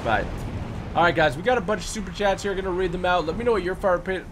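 A young man hosting a game live stream, chatting casually and giving quick, upbeat shout-outs with some stumbles. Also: sits high, noisy background. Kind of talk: casual live-stream chat, reading out super chats.

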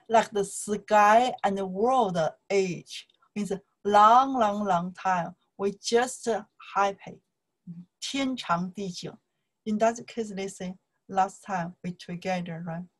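A woman with a Chinese accent and Chinese as her first language teaches song lyrics, repeating words in broken English mixed with Chinese. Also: medium pitch. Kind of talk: explaining song lyrics in a lesson.

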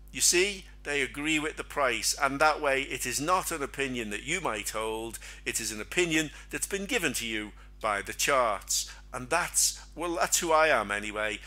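A man's voice: mid-range voice, bright, forceful tone. A middle-aged man hosting a trading webinar in a casual teaching chat, talking chattily with lots of rhetorical questions. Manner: chatty, asks rhetorical questions, acts out silly quoted voices.

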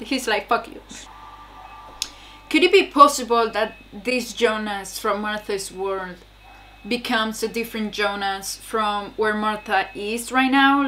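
A woman's voice: fairly high pitch, bright, forceful tone, slight background noise. A young woman casually reacting aloud to a TV episode, exclaiming, swearing and laughing between remarks. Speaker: reaction video host.

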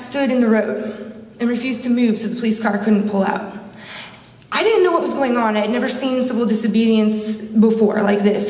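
A woman giving a conference speech, telling a personal story with emotion and repeated phrases. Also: a little high. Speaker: speaker at a conference. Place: conference hall. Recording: echoey hall, mic from a distance.

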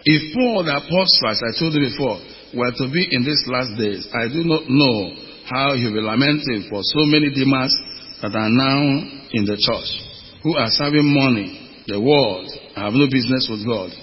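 A man's voice: medium pitch, moderate pace, a little hiss or hum. A man from Nigeria preaching a sermon as pastor, with emphatic questions thrown to the congregation. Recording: muffled audio with long hall reverb.

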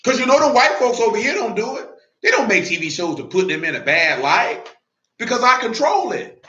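A male preacher giving an emphatic sermon in blunt street talk, often building to shouts. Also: extremely high pitch, big pitch swings, a little fast. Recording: roomy, dull lo-fi recording.

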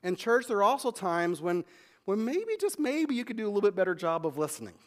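A man's voice: high-pitched, lively intonation, a bit bright. A man pastor preaching a sermon in a conversational way, often restarting and repeating words. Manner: conversational preaching, acts out quick back-and-forth dialogue.

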